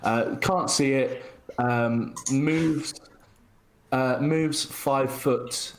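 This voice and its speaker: A man's voice: mid-range voice, steady tone, extremely slow, poor audio. A man playing a tabletop game, talking hesitantly with many fillers as he describes his turn. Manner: hesitant, full of uhs and ums. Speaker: player.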